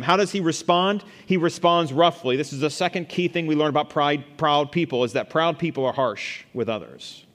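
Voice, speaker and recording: A man's voice: a little high, a bit bright, long reverb tail. A man preaching a sermon, reading scripture aloud and then explaining it verse by verse.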